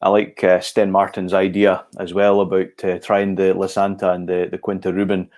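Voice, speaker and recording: A man's voice: low-pitched, normal speed. A man co-hosting a live whisky tasting, chatting casually and answering viewers' comments. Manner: relaxed, chatty co-host reading out viewer comments. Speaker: whisky society ambassador.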